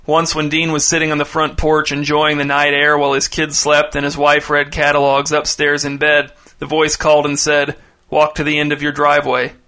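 A man reading a short story aloud in a measured, deadpan way. His voice is bright and slightly high, and his intonation stays flat and even. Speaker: narrator. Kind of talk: scripted short story narration.

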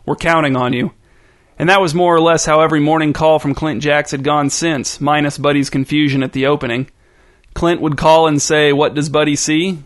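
A man reading a story aloud as narrator in a dry, wry manner. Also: fairly high pitch.

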